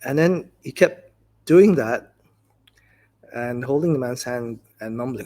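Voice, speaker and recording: Speaking a little slowly and expressively, a Buddhist teacher gives a dharma talk in a soft, breathy, slightly husky voice, his pitch in the middle of the male range. His gentle storytelling feels like conversation, scattered with easy fillers and plenty of "you know"s.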